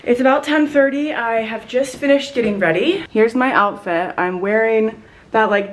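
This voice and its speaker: A woman talking casually to her camera in a hotel room for a travel vlog, chatty and upbeat with lots of "like". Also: on the low side. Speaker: vlogger.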